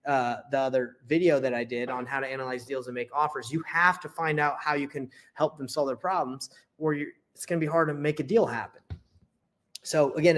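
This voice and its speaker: A young man casually teaching how to run sales calls, talking loosely with lots of restarts and quick check-ins. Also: on the high side. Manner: loose and chatty, lots of restarts and "right?" tags. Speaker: real estate wholesaling coach. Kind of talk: casual teaching with role-played call examples.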